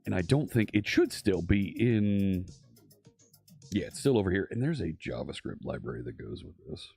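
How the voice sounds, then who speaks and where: A man's voice: deep voice, big pitch swings, normal speed, vocal fry, mellow, husky, soft background music. A man hosting a live coding stream, chatting casually and thinking aloud with frequent fillers and restarts.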